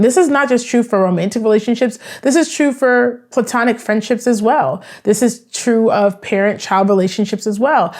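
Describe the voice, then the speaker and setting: A woman's voice: fairly high pitch, normal speed, few pauses, a little mellow. A woman therapist explaining in a chatty, conversational way. She often checks in with the listener by asking "right?". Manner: chatty, acts out both sides of dialogues.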